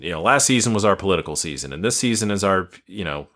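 A woman co-hosting a podcast, chatting casually about a TV episode in an animated, incredulous way and laughing often. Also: a bass voice, fast, few pauses. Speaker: podcast co-host. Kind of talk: casual chat reviewing a TV episode.

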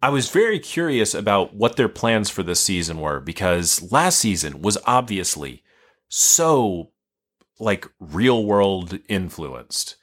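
A woman co-hosting a podcast, chatting casually about a TV episode in an animated, incredulous way and laughing often. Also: very deep voice, slow. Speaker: podcast co-host. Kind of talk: casual chat reviewing a TV episode.

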